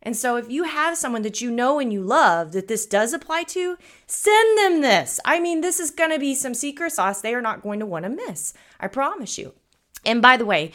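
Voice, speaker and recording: A woman's voice: a little high, fairly bright tone. Chatty woman podcast host. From United States. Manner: chatty, chuckling, folksy. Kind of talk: casual podcast talk, storytelling.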